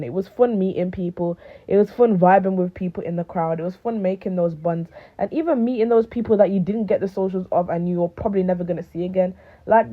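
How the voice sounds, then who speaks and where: A woman in her late teens chatting casually to camera, animated and rambling with lots of fillers. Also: medium pitch. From United Kingdom. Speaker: vlogger. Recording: phone-like thin sound.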